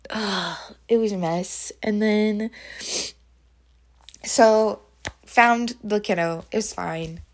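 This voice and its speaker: A woman's voice: mid-range voice, slow pace, long pauses. A woman teacher talking through a hard week in a personal diary recording, rambling with many fillers and open about her feelings. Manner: emotional, confessional.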